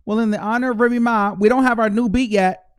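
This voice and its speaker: A man in his thirties hosting a call-in show, joking and swearing in loud, playful banter. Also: high-pitched, steady tone, quick pace, smooth. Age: 30s. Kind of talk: casual call-in chat.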